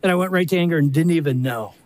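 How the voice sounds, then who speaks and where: Animated older man preaching, high voice. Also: rapid-fire, no room sound. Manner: animated storytelling with acted-out quotes. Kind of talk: sermon. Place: live event stage.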